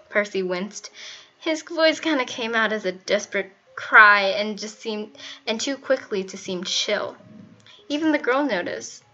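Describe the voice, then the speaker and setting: A woman reading fan fiction aloud in a steady storytelling manner. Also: medium pitch, a little slow. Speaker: fanfiction reader. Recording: muffled, faint music behind.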